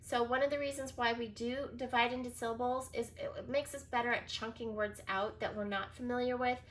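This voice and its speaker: A woman teacher, her voice high and a little fast with fairly even intonation, leads a recorded reading lesson for young children. She's encouraging and praises often while sounding out words and spelling them one letter at a time.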